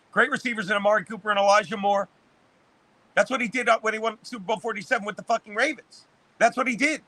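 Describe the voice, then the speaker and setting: Fifties male livestream host, high-pitched and punchy, rambling and cursing through casual chat. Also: sharp tone. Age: 50s. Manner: profane, rambling sports rant.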